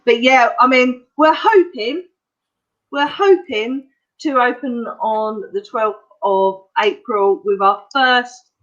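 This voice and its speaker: A woman's voice: mid-range voice, a bit bright. Woman on a dull video call. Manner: chatty, hesitant with fillers. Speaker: comedy show organiser. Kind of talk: casual announcement.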